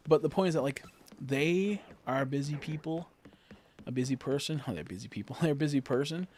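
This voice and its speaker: A man's voice: on the high side, a little fast, darkish tone, slight background noise. A man streaming a game, chatting casually and rambling with lots of filler words while joking with his chat.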